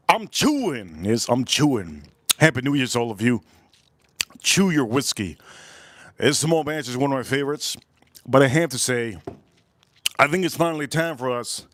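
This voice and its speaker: A man hosts a casual live stream outdoors at a barbecue, talking straight to his chat. He repeats his lines and keeps jumping into loud, excited shout-outs. His voice sits at an ordinary pitch and sounds dry and close to the mic. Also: dry recording. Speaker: livestream host.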